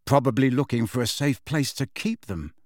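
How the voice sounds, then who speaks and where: A man's voice: mid-range voice, expressive, moderate pace, no echo, studio quality, lightly acted. A man voicing an earnest, thoughtful teenage boy.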